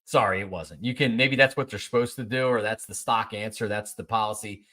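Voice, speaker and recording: With a lowish voice and brisk delivery, a man in his forties hosts a podcast. His casual, animated monologue tells a story in which he plays both sides of a conversation, often repeating himself.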